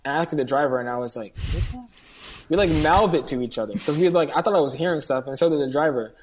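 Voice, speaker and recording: A man's voice: fairly high pitch, very fast, a little hiss or hum. Man telling a story in a podcast chat. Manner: earnest, acts out the dialogue of people in his story. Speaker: guest. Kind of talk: casual storytelling in conversation.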